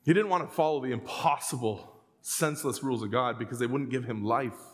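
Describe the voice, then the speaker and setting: A man in his thirties preaching a sermon, telling stories and acting out the voices, sometimes rising to a shout. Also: medium pitch, fairly quick. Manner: storytelling, acts out quoted voices, rising to shouts. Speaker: pastor. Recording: long hall reverb.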